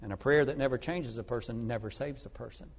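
A man preaching a sermon as an evangelist, telling stories earnestly and moving between loud emphasis and hushed asides. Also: mid-range voice, fast, breathy edge. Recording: long reverb of a large hall.

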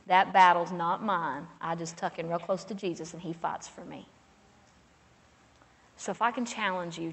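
A woman's voice: on the low side, gravelly, breathy edge. A woman preaching a fervent, emphatic, folksy sermon as a pastor's wife. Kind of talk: sermon to a women's gathering. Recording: long hall reverb.

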